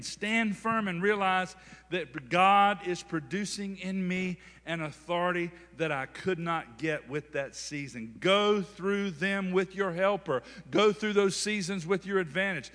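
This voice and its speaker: A man's voice: high-pitched, fairly bright tone, long reverb tail. A man preaching a sermon with call-and-response, speaking. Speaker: pastor.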